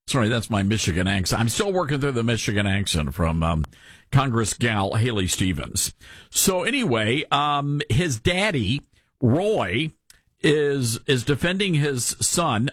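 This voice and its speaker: A man's voice: medium pitch, sing-song, a little slow, breathy edge, no room sound. A man hosting a talk radio show into a studio microphone, sarcastic, with mocking asides and put-on coughing fits.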